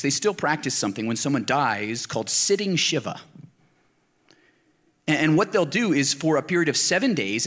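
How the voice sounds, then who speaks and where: A man's voice: mid-range voice, a bit bright, slightly rough. A man from Colorado giving a casual, conversational sermon as a pastor, earnest and emphatic, speaking straight to his listeners. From Colorado, United States.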